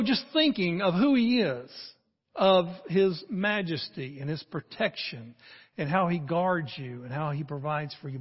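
An older man preaching a sermon as a pastor, telling the story in an animated way and acting out the voices in it. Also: fairly high pitch, long reverb tail, highs cut off.

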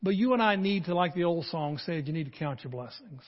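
Older male pastor, sermon, animated storyteller, slightly high voice, dull muffled sound. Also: a little fast, in a large hall. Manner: animated storytelling preacher, acting out scripture voices.

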